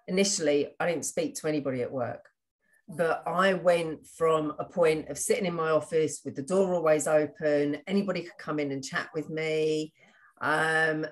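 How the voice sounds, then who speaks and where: A woman interviewing a guest, empathetic and sharing her own experience. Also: low voice. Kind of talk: conversational interview.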